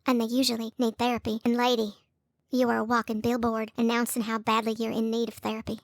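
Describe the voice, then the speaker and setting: A woman scolding two people in a sarcastic call-out rant, now and then mocking them in a high put-on voice. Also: monotone, fast, vocal fry, dry recording, studio quality. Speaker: YouTube commentator.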